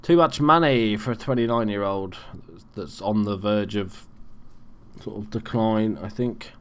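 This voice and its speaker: A man's voice: lowish voice, a little slow, slight background noise. Young man, casual game commentary. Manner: swears freely, reacts loudly to plays. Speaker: let's play host.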